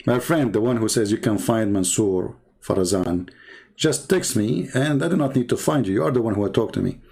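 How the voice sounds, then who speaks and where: A man's voice: on the low side, normal speed, darkish tone, husky. A man hosting a live call-in debate, questioning a caller and mocking him to his audience. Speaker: debate host.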